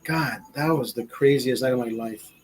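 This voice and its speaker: A man's voice: mid-range voice, normal speed, husky, poor audio. A man in his forties from Honduras telling a rambling, profane story in casual chat, laughing as he goes. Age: 40s. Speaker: podcast host.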